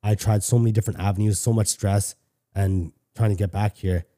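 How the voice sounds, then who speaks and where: This podcast guest, a middle-aged Canadian man, talks a little fast in a warm, lowish voice with fairly even intonation. He tells a personal story casually and candidly, cursing freely and frequently restarting his sentences.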